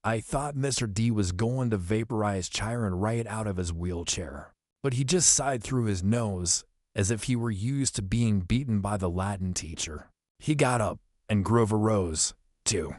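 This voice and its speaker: Low-voiced man reading an audiobook. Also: unhurried, a little mellow, no echo, clean studio sound. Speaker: audiobook narrator.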